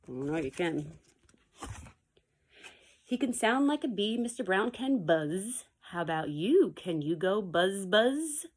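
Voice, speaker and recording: A woman teacher with a lowish voice speaks to her pupils from her basement at home, unhurried, with lively intonation and long pauses. In this casual video message she chats, wanders off topic, and reads a picture book aloud, adding playful animal noises.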